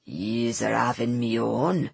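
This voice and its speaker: A woman voicing a gruff, heavy-set old man selling a van. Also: medium pitch, fairly even intonation, takes it slowly, no echo, pitched below the performer's own voice, full character voice.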